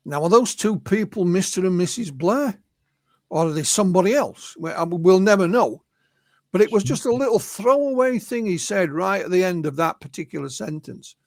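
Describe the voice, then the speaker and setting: An English man, a guest researcher and author, telling stories in a relaxed interview and often quoting the witnesses he spoke to. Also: high voice, dry recording. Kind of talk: conversational storytelling interview.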